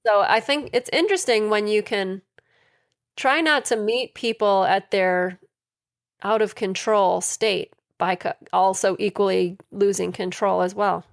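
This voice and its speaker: A woman's voice: medium pitch, fairly even intonation, a little slow, gravelly. A woman co-hosting a casual podcast chat, talking hesitantly with many fillers. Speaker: podcast co-host.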